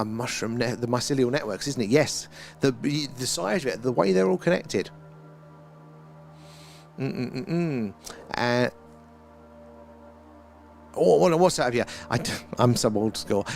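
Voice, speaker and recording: A middle-aged man with a mid-range voice hosts a live stream, chatting casually and reading out viewer comments. He rambles, using fillers and laughing frequently.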